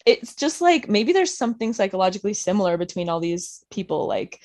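A woman's voice: mid-range voice, brisk. A woman talking as a guest on a podcast, chatting casually and laughing as she tells stories. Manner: laughs often, animated storytelling. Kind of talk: casual chat.

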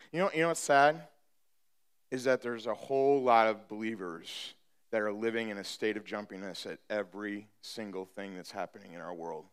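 A man with a high, smooth and resonant voice preaches a sermon from the pulpit. He moves from easy, joking asides to rising, emphatic declarations, with an animated, conversational pulpit manner. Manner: conversational with self-deprecating humor. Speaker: pastor.

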